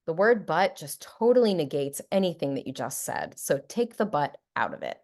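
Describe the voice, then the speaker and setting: A middle-aged woman psychologist giving a talk, playful and warm, often acting out example phrases in a lighter voice. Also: low voice, very animated, moderate pace, few pauses. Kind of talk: presentation to an audience.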